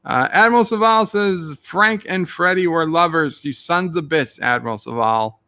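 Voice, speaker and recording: Gravelly bright-voiced man reading stream chat. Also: fairly high pitch, normal speed, no echo. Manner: reads chat messages aloud, dry joking asides.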